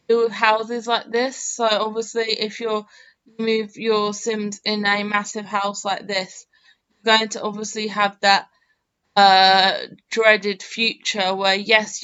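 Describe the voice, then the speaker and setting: Slow, smooth-voiced woman rambling. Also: mid-range voice, fairly bright tone, dull audio. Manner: chatty, self-mocking, thinks aloud with many fillers. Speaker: game channel host. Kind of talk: rambling gameplay commentary.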